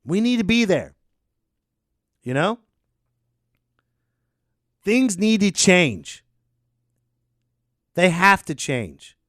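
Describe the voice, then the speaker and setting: A man hosting a podcast, ranting sarcastically and swinging between loud and muttered. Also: high voice, big pitch swings, very slow, long pauses. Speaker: podcast host. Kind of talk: casual ranting chat.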